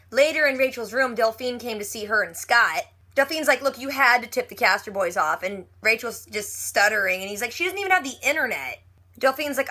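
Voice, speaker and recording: A woman giving a casual TV episode recap, chatty and retelling scenes with quick quoted lines. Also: mid-range voice, bright, forceful tone. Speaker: TV recap vlogger.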